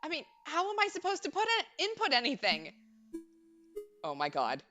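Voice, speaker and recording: A confused young man who wakes in pitch black as a woman puts him on fires off startled, pleading questions. The voice climbs high and swoops through a lively range while soft music plays behind. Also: normal speed, full character voice. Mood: panicked. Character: bewildered young man waking in darkness. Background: game music.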